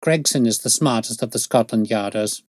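Man reading as a cool lecturing detective, crisp and brisk, husky edge, dry close sound, storybook reading. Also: mid-range voice, no room sound, natural voice. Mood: dismissive. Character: brisk, aloof male detective, self-assured.

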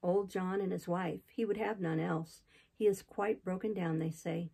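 A woman's voice: fairly low pitch, fairly even intonation, normal speed, creaky, dark tone, slightly rough, low-quality recording. Woman reading as a gossipy old innkeeper. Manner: chatty, rambling storytelling. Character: gossipy older male innkeeper, talkative and solemn. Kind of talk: audiobook reading of a classic novel.

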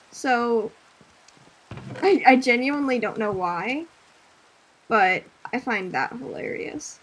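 A young woman streaming a game, chatting casually, reading chat aloud, laughing often and breaking into loud screams at enemies. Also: a little high, a little hiss or hum. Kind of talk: casual gaming commentary.

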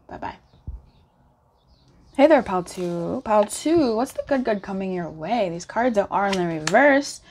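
A woman giving a casual pick-a-card tarot reading, chatty and encouraging, laughing often and rising in pitch when animated. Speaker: tarot reader.

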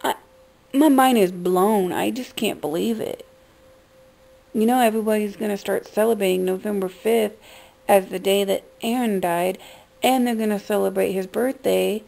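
A woman's voice: mid-range voice, moderate pace, gravelly, warm tone, rough recording. A woman vlogger talking in an upset, profane rant, shocked and ranting. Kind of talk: emotional vlog rant.

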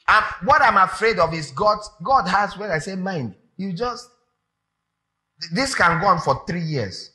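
A man preaching a sermon, animated and emphatic, repeating phrases for effect. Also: high-pitched, measured pace.

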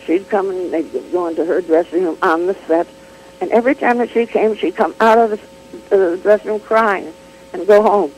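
An older woman chatting as an interview guest, telling an animated anecdote full of restarts, laughs and acted-out quotes. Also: medium pitch, normal speed, faint music behind, rough recording. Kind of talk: casual chat, telling an anecdote.

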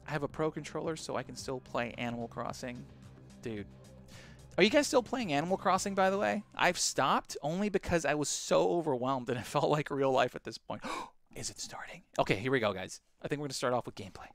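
A man talks into a broadcast headset from a home streaming setup, hosting a live reaction stream. His voice has a gravelly, creaky edge. He is chatty and excitable, reading out viewer greetings and reacting on the fly. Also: a little high, fast, soft background music.

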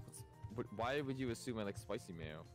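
A man's voice: fairly quick, faint music behind. A man streaming a game, teasing his co-player in casual chat. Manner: teasing, animated, breaks into high yelps.

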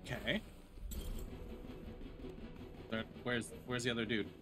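A man's voice: medium pitch, flat delivery, fairly quick. A man giving casual, loose gameplay commentary as a streamer, swearing now and then. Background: game music.

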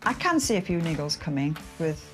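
Cheerful woman with lively pitch. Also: a little fast, soft background music. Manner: cheerful, playful. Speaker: dinner party guest and cook. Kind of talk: casual chat and interview asides.

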